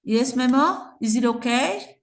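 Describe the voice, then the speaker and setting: A woman's voice: sits high, expressive, a little slow, roomy sound. A woman with a Mexican Spanish accent teaching English grammar in an online class, patiently explaining and checking in with her students.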